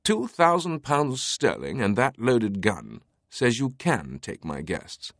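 A man's voice: medium pitch, wildly swooping pitch, slow, no room sound, clean studio sound, pitched above the performer's own voice, exaggerated voice. A man voicing a jovial, scheming older aristocrat, with a grandly amused manner. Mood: wry.

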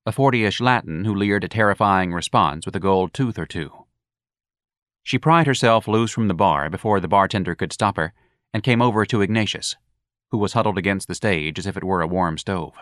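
Male audiobook narrator, low register, dry close recording, wry measured delivery. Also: fairly bright tone, dry recording. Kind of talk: scripted narration.

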